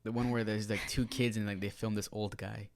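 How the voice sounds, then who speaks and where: A man's voice: on the low side, level tone, a little fast. A man co-hosting a podcast in casual chat, rambling with lots of fillers. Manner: rambling, filler-heavy retelling. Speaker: podcast co-host.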